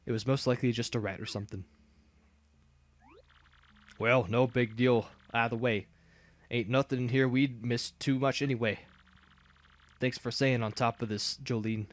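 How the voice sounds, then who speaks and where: A man voicing a folksy male fight-club promoter with a put-on American Southern drawl, reading game dialogue in slow, drawn-out country talk. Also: mid-range voice, steady tone, natural voice.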